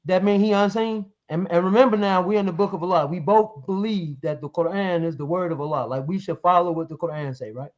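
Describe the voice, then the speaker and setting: A man with a high voice argues in a live online debate, reading verses aloud and pressing his opponent with leading questions. The stream audio sounds dull and lo-fi. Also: brisk, hardly any pauses.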